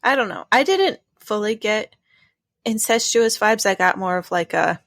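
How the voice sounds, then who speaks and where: A woman co-hosting a podcast, chatting casually about a film, relaxed and laughing often, reading a synopsis aloud at times. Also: medium pitch, moderate pace, no echo, clean studio sound. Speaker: podcast co-host.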